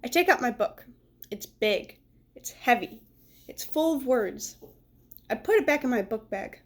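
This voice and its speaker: A woman reading a children's book aloud, pausing to describe the pictures. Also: on the high side, lively intonation. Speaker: read-aloud storyteller.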